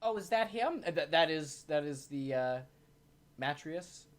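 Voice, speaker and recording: A woman's voice: sits low, lively intonation, a little slow, a loud crowd. A woman playing a tabletop game, hesitant and thinking aloud. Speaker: player. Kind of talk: casual tabletop play.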